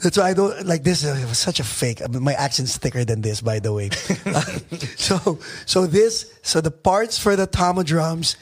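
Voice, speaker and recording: Husky-voiced man hosting a chat. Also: on the high side, sing-song. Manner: quick interjections, teasing questions. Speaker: podcast host. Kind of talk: casual interview chat.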